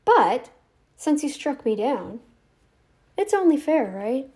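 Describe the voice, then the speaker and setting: A woman's voice: high-pitched, very animated, slow pace, dark tone. Rambling, scolding woman vlogger. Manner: rambling, scolding, sarcastic, with many "like" fillers. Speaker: YouTube commentator. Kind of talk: ranting direct-to-camera commentary.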